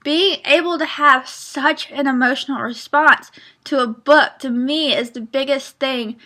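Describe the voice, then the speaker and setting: A woman with a high, bright voice talks through a book review in a casual vlog. She is earnest and rambling, with lots of fillers and restarts. She is openly emotional and close to tears. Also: unhurried.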